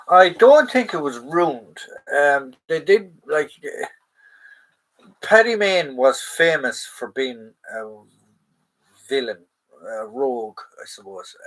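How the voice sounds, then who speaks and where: A man's voice: mid-range voice, a bit bright, poor audio. A man hosting a live stream, chatting casually and answering viewers with many fillers and restarts.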